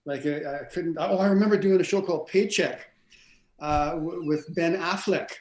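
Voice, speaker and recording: A middle-aged man with a notably high voice spins long, animated anecdotes, tripping over restarts as he goes. He sounds like a guest on a video call, his voice carrying a roomy echo. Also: normal speed. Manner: rambling, animated, many restarts and stammers. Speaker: stunt coordinator and actor, interview guest. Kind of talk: casual storytelling interview.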